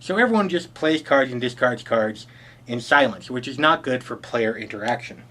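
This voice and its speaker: A man's voice: medium pitch, expressive, moderate pace, bright, forceful tone. A man reviewing a board game, explaining the rules in a dry, sardonic way.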